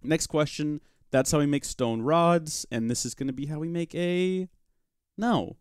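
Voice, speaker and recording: Here a man speaks in a slightly high, clean voice without hurrying, with no echo and a clean studio sound. He hosts a live gaming stream, giving let's-play commentary on a Minecraft modpack while chatting casually to viewers. Chatty and prone to joking asides, he talks to chat and kids around with his in-game pet rock.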